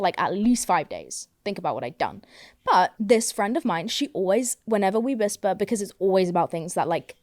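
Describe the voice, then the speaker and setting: A woman's voice: mid-range voice, a little mellow, no room sound. Rambling woman with a dry close sound. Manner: rambling, swears a lot, self-mocking. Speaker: podcast host. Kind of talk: casual podcast monologue. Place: home, seated on couch.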